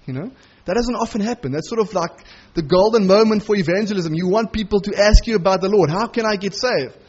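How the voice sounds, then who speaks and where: Male preacher, husky tone, expository sermon, muffled lo-fi sound. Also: high-pitched, darkish tone. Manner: expository preaching, acts out quoted lines.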